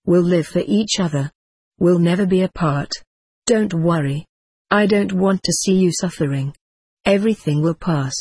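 A woman voicing a devoted young daughter who speaks softly and reassuringly through tears. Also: fairly low pitch, normal speed, breathy edge, dry recording. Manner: soft, reassuring, choked.

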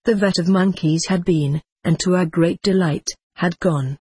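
A man reading a storybook aloud as narrator, in a measured, gently expressive way. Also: high voice, husky, no room sound.

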